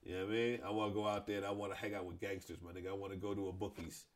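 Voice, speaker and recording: A man's voice: low voice, level tone, very fast, noisy background. A young man co-hosting a casual podcast, bantering with playful, mock-flowery teasing. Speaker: podcast co-host.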